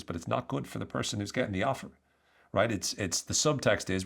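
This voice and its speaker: A man with an Irish accent talks through his ideas on a solo podcast. His voice sits low, and he explains in an animated, lively way. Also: fairly quick, gravelly. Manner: explanatory, animated, acts out quoted lines. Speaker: podcast host.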